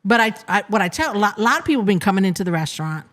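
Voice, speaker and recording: A woman guest on a podcast retelling an experience in an animated, casual way, often restarting her sentences. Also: mid-range voice, rapid-fire. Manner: animated retelling, frequent restarts and "you know". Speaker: interview guest, restaurant co-manager. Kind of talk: casual storytelling.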